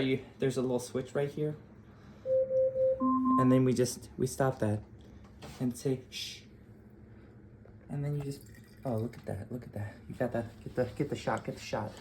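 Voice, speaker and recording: A man chatting casually at home while he makes coffee, rambling and poking fun at himself. His voice sits at an ordinary middle pitch, with a faint hum of the room behind him. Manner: joking, self-mocking, rambling. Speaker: coffee vlogger. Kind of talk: casual how-to chat while brewing coffee.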